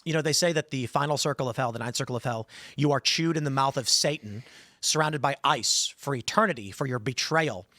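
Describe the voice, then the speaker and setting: A man hosting a podcast, telling stories in an animated way and acting out the voices in them. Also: medium pitch, fairly quick, no room sound, studio quality. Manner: animated storyteller, acts out quoted voices. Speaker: podcast host. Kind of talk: casual talk-show chat.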